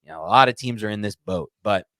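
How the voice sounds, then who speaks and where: A man's voice: on the low side, quick pace, sharp tone, no room sound. A man co-hosting a sports podcast, talking frankly and animatedly and acting out quotes. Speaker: podcast co-host. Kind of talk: casual sports chat.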